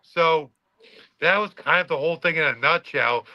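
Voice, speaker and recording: A man's voice: fairly high pitch, normal speed, no room sound, lo-fi sound. A man, a former college football player, telling a story in casual podcast chat and acting out the quotes with swearing.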